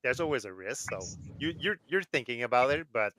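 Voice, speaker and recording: A man's voice: medium pitch, animated, brisk, sharp tone, no echo, poor audio. A man who is a father, chatting casually and stumbling over repeated words. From Canada. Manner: repetitive, stumbling restarts. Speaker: podcast co-host. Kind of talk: casual chat.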